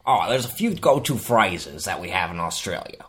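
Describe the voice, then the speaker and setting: A man voicing a laid-back mock-Australian man, with gargly throaty vowels and a low mumbly drawl. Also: very animated, moderate pace, a bit bright, breathy edge, exaggerated voice.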